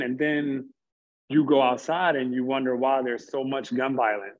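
Over dull audio, a man's medium-pitched, fairly even voice comes through as he speaks earnestly as an interview guest. He reflects at length in conversation, slowly building his points and occasionally tripping over words.

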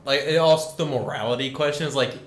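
A young man chatting casually on a podcast with friends, chiming in with reactions and questions. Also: medium pitch. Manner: reacts with quick interjections and follow-up questions. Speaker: podcast co-host. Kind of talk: casual chat among friends. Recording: roomy echo.

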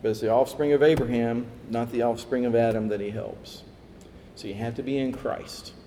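A man's voice: medium pitch, moderate pace, slight background noise. Man preaching in an echoey hall. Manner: animated, acts out quoted voices, chuckles. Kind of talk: sermon. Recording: echoey hall with faint ambience.

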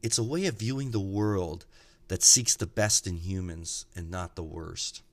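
A man giving an earnest, reflective podcast talk, measured and slowing down for emphasis as he tells stories. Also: low-pitched. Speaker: podcast speaker.

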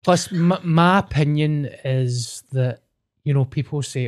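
A man's voice: on the high side, measured pace. Chatty young Scottish man. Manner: chatty, storytelling, sweary. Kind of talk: casual chat.

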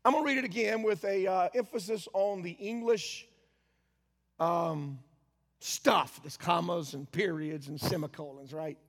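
High, gravelly preacher in a reverberant church. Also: male voice. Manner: reads scripture slowly and emphatically, then speaks conversationally with asides. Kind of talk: sermon with scripture reading.

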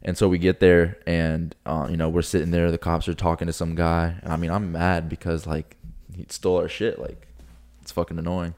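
A man's voice: deep voice, level tone, moderate pace, few pauses, a little mellow. A young man in his twenties from Florida, co-hosting a podcast and telling a story in casual chat, acting out quotes with swearing and laughter. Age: 20s. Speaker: podcast co-host.

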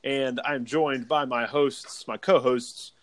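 A man's voice: medium pitch, fairly even intonation, slow pace, a bit bright, dry recording. A young man hosting a casual sports podcast, rambling with lots of fillers. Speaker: podcast host.

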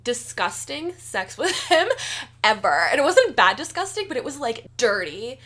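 Bright, giggly young woman chatting. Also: fairly high pitch, very animated, normal speed. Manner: giggly, frank, laughs often mid-sentence. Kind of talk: candid casual chat.

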